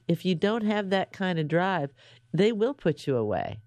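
A woman hosting a radio interview show, introducing her guest and asking questions in a clear, measured way. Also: lowish voice, very animated, darkish tone, no echo, clean studio sound.

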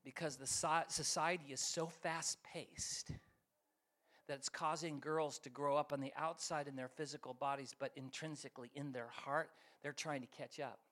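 A middle-aged man preaching as a guest speaker, his voice pitched high and bright. He tells stories with animated energy, acting out voices and swinging between loud bursts and quieter reflection. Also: normal speed. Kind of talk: sermon with storytelling.

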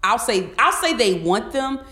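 Woman talking w friends, animated, does little voices, echoey room. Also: a little high, moderate pace. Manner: animated, acts out voices, laughs often. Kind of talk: casual chat among friends.

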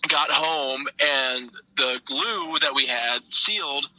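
A man's voice: mid-range voice, fairly even intonation, takes it slowly, pushed and bright, no room sound, poor audio. A young man, a wrestler being interviewed, tells stories casually in a laid-back, profane way and laughs often. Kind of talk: casual storytelling.

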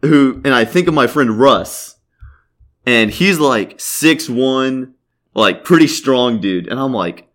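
A man's voice: medium pitch, lively intonation, slow pace, fairly bright tone. A young man casually telling a long, profane story on a podcast, packed with "like" fillers and laughing as he goes. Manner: rambling, profane, many "like" fillers.

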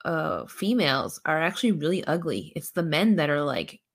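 A woman's voice: deep voice, big pitch swings, normal speed, husky. A woman co-hosting a podcast, chatting casually and teasing her co-host in a playful way. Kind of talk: casual chat.

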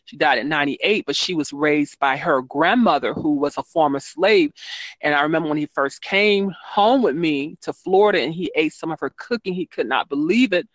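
A woman's voice: low-pitched, normal speed, dry recording. Rambling woman author, dry close sound. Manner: rambling, frequent ums and self-corrections. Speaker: children's book author, guest. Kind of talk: casual interview talk.

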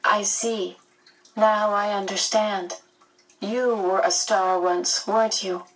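A woman's voice: medium pitch, fairly even intonation, takes it slowly, a bit bright, voice pushed up, rough recording. A woman voicing a small, earnest young boy who speaks solemnly in a small voice.

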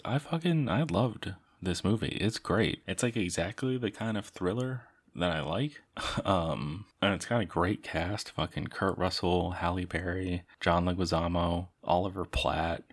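A young man with a very low voice talks through film ratings in a loose, rambling way. He sounds tired and worn out, swears casually, and laughs between thoughts. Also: unhurried, slightly rough. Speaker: movie reviewer. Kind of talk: casual spoken movie reviews.

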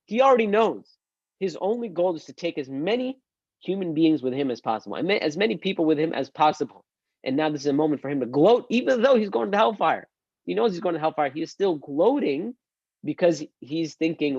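A male Islamic teacher giving an online religious lesson, animated and acting out quoted speech. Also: fairly high pitch, a little fast, dry recording, lo-fi sound.

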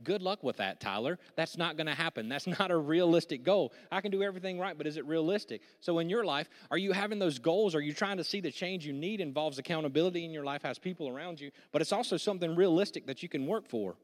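A male pastor delivering a sermon with energetic, joking delivery and prompts to the congregation. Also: on the high side, fast, few pauses. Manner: energetic, jokey preaching with audience prompts. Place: church sanctuary. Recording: church hall with long reverb.

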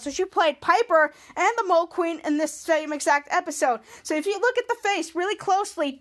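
A woman hosting a podcast, recapping a TV episode in a casual, excited way and acting out the characters' lines. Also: high-pitched. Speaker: podcast host.

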